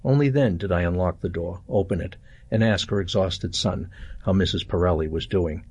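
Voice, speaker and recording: Deep husky older male storyteller. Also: normal speed, a little mellow, no echo. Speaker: narrator. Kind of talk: reading a first-person short story aloud.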